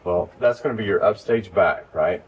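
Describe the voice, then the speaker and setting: A man with a very low voice gives casual, step-by-step training to church volunteers. He is recorded from a distance, and faint noise hangs behind him. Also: normal speed. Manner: relaxed, explains step by step. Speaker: lighting instructor.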